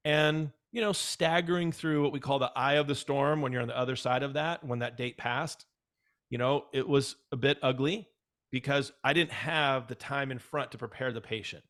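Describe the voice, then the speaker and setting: A man's voice: mid-range voice, fairly even intonation, moderate pace, fairly bright tone. A man working as a dental practice consultant, talking casually and with emphasis, often repeating himself and acting out what clients said. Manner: emphatic, repeats words, acts out quoted clients. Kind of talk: casual advisory talk.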